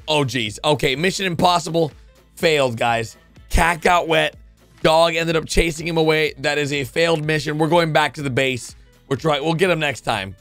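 A man giving casual, excitable commentary as he reacts to funny videos, breaking into exclamations and jumping from one thought to the next. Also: a little high, dry recording.

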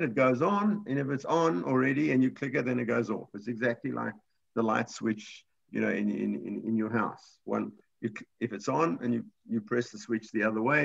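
A man teaching a live computer class, explaining each step patiently and often starting his sentences over. His voice is gravelly and a little husky, at an ordinary pitch. The sound is dull and lo-fi, like audio from an online class.

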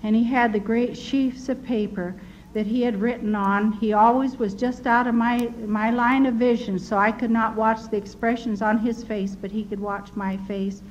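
Older lady, high voice, earnest testimony, kinda dull lo-fi recording w faint hiss. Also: fairly even intonation. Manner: earnest, measured storytelling with restarts. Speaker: speaker giving her testimony. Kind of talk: personal testimony.

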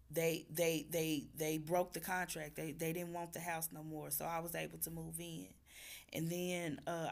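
A woman, hoarse from losing her voice, talking fervently to her viewers about faith and repeating phrases like a preacher. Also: low-pitched. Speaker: vlogger. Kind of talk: casual faith talk to viewers.

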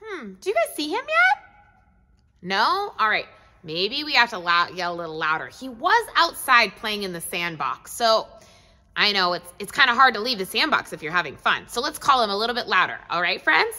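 A woman's voice: mid-range voice, normal speed, long reverb tail. A woman teaching a children's Bible lesson, talking animatedly to a pet dog and to the children. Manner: animated, talks to an unseen puppet dog. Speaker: preschool teacher.

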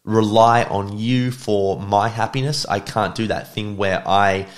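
A man's voice: lowish voice, measured pace, faint music behind. A man giving reflective commentary on podcast clips, thinking aloud with fillers. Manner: reflective, talks it through with fillers. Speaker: podcast reviewer.

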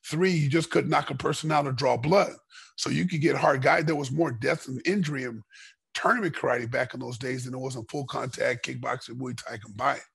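A middle-aged man from the United States, a former fighter guesting on a podcast, telling stories in a casual, animated way and acting out the dialogue. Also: mid-range voice, fairly quick, vocal fry, breathy edge, no room sound. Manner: animated storyteller, acts out dialogue. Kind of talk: casual storytelling interview.

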